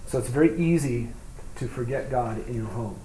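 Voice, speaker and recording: A man preaching a sermon, reading scripture aloud and explaining it, moving between loud emphatic reading and quiet, low asides. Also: moderate pace. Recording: echoey room with faint hum.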